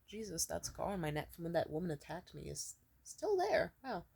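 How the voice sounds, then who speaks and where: A woman's voice: fairly low pitch, sing-song, moderate pace, gravelly, darkish tone, husky. A woman telling a story in a casual, ranting way, sarcastic and profane, full of filler words. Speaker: vlogger.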